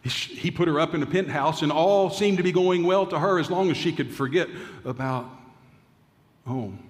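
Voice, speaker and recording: A male pastor preaching, telling a story with dramatic pauses and often dropping to a hushed voice. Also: on the high side, big-room sound. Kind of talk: sermon storytelling.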